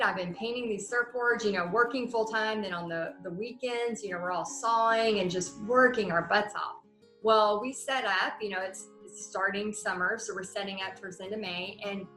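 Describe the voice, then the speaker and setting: A woman in her thirties telling a personal business story in a chatty, animated way, with many fillers. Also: mid-range voice. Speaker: paint party business coach. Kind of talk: casual storytelling monologue. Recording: roomy echo with faint music.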